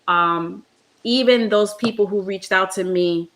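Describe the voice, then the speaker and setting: A woman's voice: medium pitch, unhurried, fairly bright tone. A woman hosting a casual heartfelt chat, talking in an earnest, reflective way with lots of ums. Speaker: host.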